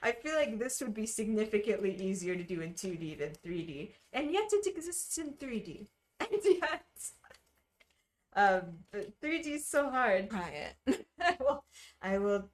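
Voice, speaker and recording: A woman's voice: a little high, animated, unhurried. A woman streaming casually, chatting with viewers while she stitches, full of wry asides and frequent laughter.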